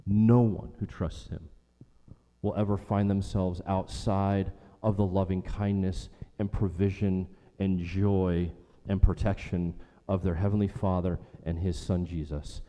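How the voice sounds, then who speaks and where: A man preaching a sermon earnestly, repeating phrases for emphasis and slowing down on key lines. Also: low-pitched, level tone, mellow. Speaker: pastor. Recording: long hall reverb.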